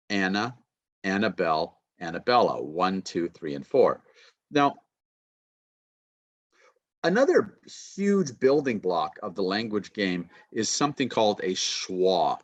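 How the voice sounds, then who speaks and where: A man teaching pronunciation in an online lecture, modeling words slowly and clearly and praising students warmly. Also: mid-range voice, no echo. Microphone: video call. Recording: dull, dry online call audio.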